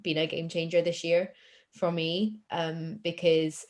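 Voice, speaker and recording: A woman with a slightly low voice talks openly as a podcast guest. She is self-deprecating and laughs easily. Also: flat delivery, measured pace, a little mellow. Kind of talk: casual chat.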